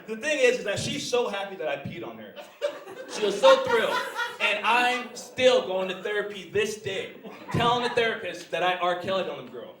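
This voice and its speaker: A young comic delivers a crude routine at a small comedy club and laughs along with his own jokes. His voice sits high and a bit fast with a sing-song quality, recorded from far off in a roomy room with a crowd audible behind him.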